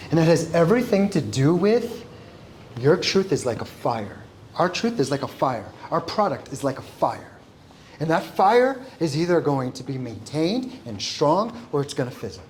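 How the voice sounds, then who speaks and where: A man's voice: medium pitch, a little hiss or hum. Man telling a story to a live room. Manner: animated storyteller acting out dialogue. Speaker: speaker at a networking event. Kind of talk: storytelling talk to a live audience. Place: event room before an audience.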